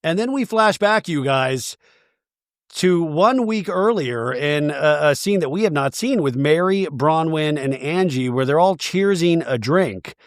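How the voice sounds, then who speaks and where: Animated, chatty male podcast host. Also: on the high side, a little slow, no echo, studio quality. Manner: animated, chatty, gossipy storytelling. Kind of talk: comedic recap of a reality show.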